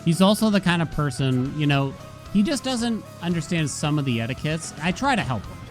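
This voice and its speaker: A man's voice: a little high, sing-song, brisk, faint music behind. A man streaming a video game, chatting casually and telling stories with acted-out quotes. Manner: chatty storytelling, acts out quotes. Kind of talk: casual gaming stream chat.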